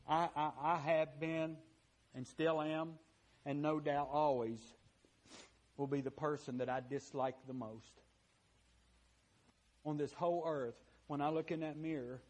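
Pastor, male, slightly high voice, folksy sermon delivery, big swings between shouting and near-whisper, restarts and repeats words. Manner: impassioned, swinging from loud to hushed; repeats words and restarts phrases while preaching.

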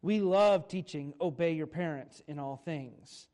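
Guy in his 30s preaching, chatty sermon style, kinda high voice, pauses for effect and corrects himself a lot. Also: dark tone. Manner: conversational preaching with dramatic pauses and self-corrections. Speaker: pastor.

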